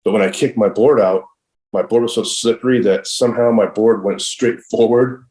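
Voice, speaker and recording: A man's voice: on the low side, steady tone, moderate pace, mellow, poor audio. A middle-aged man guesting on a podcast, telling a long story in a casual, rambling way, swearing freely and filling his talk with "like" and "I'm all.". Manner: rambling and profane, heavy use of "like" and "I'm all". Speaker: podcast guest, professional skateboarder.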